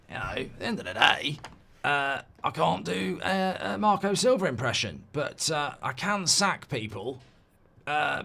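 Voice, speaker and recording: A man's voice: a little high, vocal fry, pushed and bright, heavily acted. A man putting on a smug, drawling billionaire. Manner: drawling, self-satisfied, slow. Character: ruthless boastful male billionaire, older, smug.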